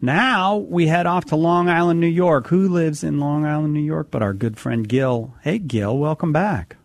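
A man's voice: fairly high pitch, moderate pace, gravelly, no room sound. A man hosting a call-in radio show, genially introducing callers from around the country.

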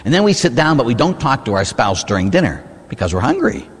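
A Catholic priest giving a sermon in a church, telling stories with lively asides and rhetorical questions like "huh?". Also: male voice, medium pitch, fast, husky, long reverb tail.

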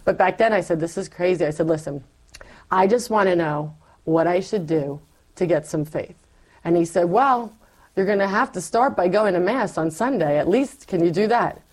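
A middle-aged woman recounts her journey of faith in an open, lively conversation, acting out her former self along the way. She speaks at a normal speed, her pitch on the low side.

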